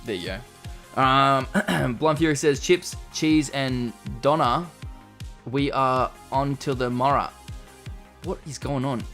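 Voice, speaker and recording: A man hosts a relaxed live stream. His chatty voice sits mid-range as he reads viewer comments aloud and reacts to them. Faint music plays softly behind him. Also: mid-range voice, takes it slowly. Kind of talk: casual live-stream chat. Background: faint background music.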